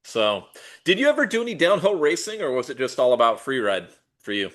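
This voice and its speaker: A man's voice: mid-range voice, very animated, brisk, a bit bright. A man hosting a podcast over a video call, a self-described retro bike nerd who talks with casual slang. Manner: enthusiastic bike nerd, laid-back slang. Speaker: podcast host. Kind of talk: casual interview chat.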